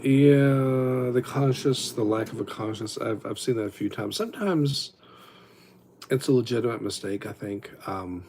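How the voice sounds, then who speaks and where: A man's voice: medium pitch, a little slow, darkish tone, slight background noise. A man hosting a livestream, telling rambling stories with lots of restarts in a casual chat. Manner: rambling, self-interrupting storyteller. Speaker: livestream host.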